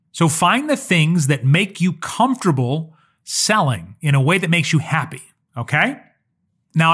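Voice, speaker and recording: A man's voice: on the high side, a bit bright. Earnest man hosting a solo podcast. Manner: conversational, earnest, shares stories and asides. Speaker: podcast host and social media coach. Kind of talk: solo podcast teaching talk.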